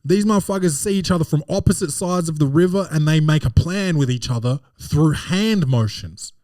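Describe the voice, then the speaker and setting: A man hosting a podcast, telling a comedic film recap in an animated, profane way. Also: fairly high pitch, normal speed, no echo, studio quality. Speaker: podcast host.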